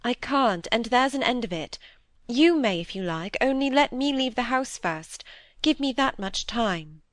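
A woman's voice: on the high side, expressive, unhurried, dry recording. A woman reading the part of a proud, troubled young woman who speaks heavily and resolutely. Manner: heavy, resolute.

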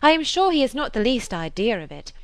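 A woman reading as a lively, headstrong young woman who talks emphatically and exclaims often. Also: fairly high pitch, brisk, no room sound, pitched above the performer's own voice. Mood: indignant. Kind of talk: audiobook character reading.

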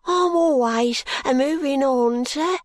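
A man's voice: no room sound, clean studio sound. A wailing ragged street boy. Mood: pleading. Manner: high wailing cries, drawn-out. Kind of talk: audiobook character voice.

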